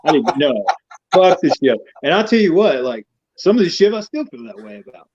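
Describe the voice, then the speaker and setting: A man's voice: a little high, brisk, breathy edge. Blunt, swearing Southern man, lo-fi. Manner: profane, blunt and animated. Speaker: guest knight. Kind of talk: casual chat. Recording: dull lo-fi sound.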